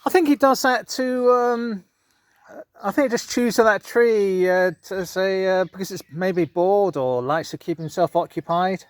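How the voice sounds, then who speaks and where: A man's voice: sits high, a little slow, no room sound. A man chatting casually to camera in a garden vlog, coaxing his pets in a sing-song voice. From United Kingdom. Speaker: vlogger. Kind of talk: casual outdoor vlog chat. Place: garden outdoors.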